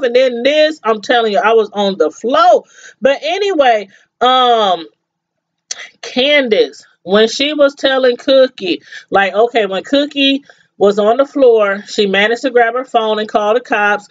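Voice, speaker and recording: A high-pitched woman talks through a TV episode she watched. She is animated and laughs often, acting out what the characters said. The sound is a little dull and lo-fi. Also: unhurried. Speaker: TV show reviewer. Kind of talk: casual chat recapping a TV episode.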